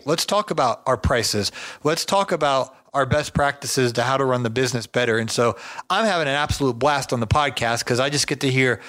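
A man's voice: mid-range voice, fairly bright tone. A man hosting a podcast, chatting enthusiastically with a guest and reading plugs and promos. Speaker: podcast host. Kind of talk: casual podcast interview. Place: Georgia.

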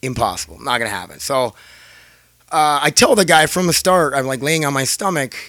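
Man, casual storytelling to viewers, profane, laughs a lot, bright tone, dry close sound. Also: medium pitch, lively intonation, brisk, dry recording. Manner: rambling, profane, laughs often. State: scratchy throat.

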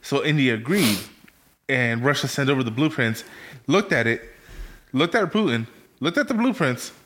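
A man's voice: mid-range voice, animated, moderate pace, a bit bright. A man co-hosting a podcast, telling anecdotes in a casual chat and laughing at his own jokes. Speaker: podcast co-host.

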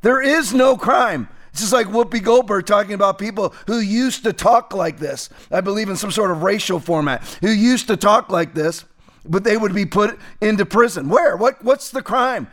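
A man's voice: high voice, moderate pace, fairly bright tone. A man hosting a political commentary show, talking emphatically and repeating phrases for stress.

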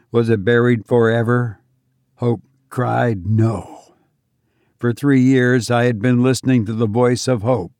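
A man reading a gothic story aloud as a narrator, measured and expressive, dropping quiet for dialogue. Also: medium pitch, no echo, clean studio sound. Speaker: audiobook narrator.

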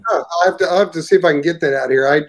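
A man's voice: a little high, very fast. A man dropping in as a guest at a casual bar chat, laid-back with brief replies. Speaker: guest, regular customer.

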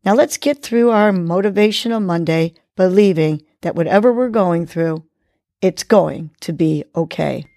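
A woman hosting a podcast, leading a breathing exercise and giving gentle, encouraging motivational words. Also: on the low side, no echo. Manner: gentle, encouraging, slow and deliberate. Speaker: podcast host. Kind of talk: guided breathing and motivational talk.

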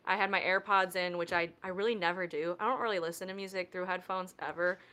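Band guest on a podcast, a woman with a bright voice who swears freely. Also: lowish voice, fairly even intonation, fast talker. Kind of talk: casual podcast chat.

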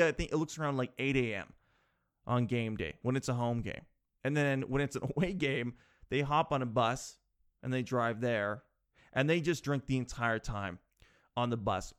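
A man's voice: medium pitch, clear, resonant tone. Rambling guy chatting casually. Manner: rambling, animated, rhetorical questions, swears. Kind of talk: casual chat.

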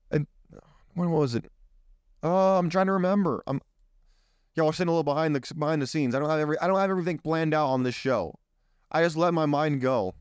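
A man's voice: on the high side, darkish tone, smooth, no echo. Man, political commentary host, indignant, rhetorical, rambling, resonant voice, dry sound. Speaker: show host.

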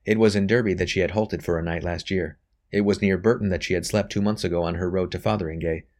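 A man narrating an audiobook with a steady, even reading of a historical novel. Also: sits low, quick pace. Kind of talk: scripted narration.

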